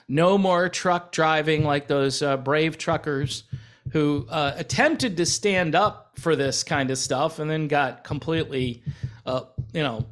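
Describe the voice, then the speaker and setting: A man's voice: on the high side, a bit bright. A man from the United States hosting a casual commentary vlog, talking in a sarcastic, rambling way with lots of fillers. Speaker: channel host.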